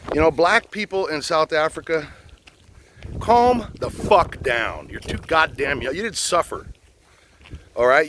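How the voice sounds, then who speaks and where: A man's voice: medium pitch, a bit bright, a little hiss or hum. An older man, a retired police officer, ranting bluntly and profanely to the camera while out on a boat in a swamp. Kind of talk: outdoor rant.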